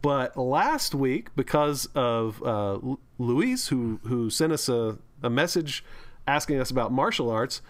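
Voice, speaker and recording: A man's voice: mid-range voice, big pitch swings, a little slow. Upbeat man hosting a casual podcast. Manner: upbeat, encouraging, leads the segment. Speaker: podcast host. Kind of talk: casual chat.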